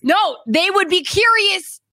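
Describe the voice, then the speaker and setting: A high-pitched, swooping woman with a light New England accent, over-enunciating in a loud, laughing, profanity-laced chat. Her tone is bright and sharp, and the recording is close and dry, with no room sound. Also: unhurried, vocal fry, no echo. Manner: loud, laughing, swears freely, excitable. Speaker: Twitch streamer and co-host. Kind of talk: casual chat.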